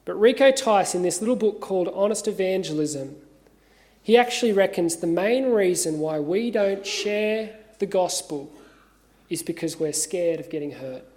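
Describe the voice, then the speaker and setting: A man with an Australian accent, an assistant minister giving a measured, earnest sermon with gentle humour in a cathedral. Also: high-pitched, animated. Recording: long reverb of a cathedral.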